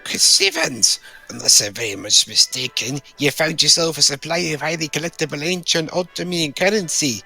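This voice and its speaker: An English man voicing a scheming Scottish male coin merchant with a Scottish accent, in a sly, wheedling sales pitch. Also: moderate pace, vocal fry, pushed and bright, soft background music, heavily acted.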